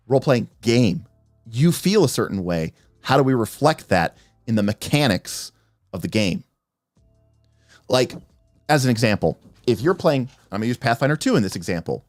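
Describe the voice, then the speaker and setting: A man hosting a livestream, talking about tabletop role-playing games as a game master and acting out players' lines in quick asides. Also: medium pitch, big pitch swings, no echo, clean studio sound, soft background music. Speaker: game master and podcast host.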